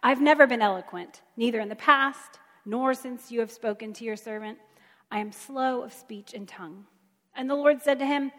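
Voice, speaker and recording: A woman's voice: a little high, moderate pace, fairly bright tone. A woman preaching a sermon in an emphatic, conversational way. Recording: long hall reverb.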